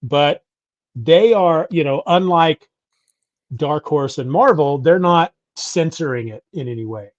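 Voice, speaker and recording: A middle-aged man co-hosts a podcast, chatting casually and rambling, often correcting himself and restarting sentences. His voice is a little high and unhurried, with no room sound, and the audio is dull and lo-fi.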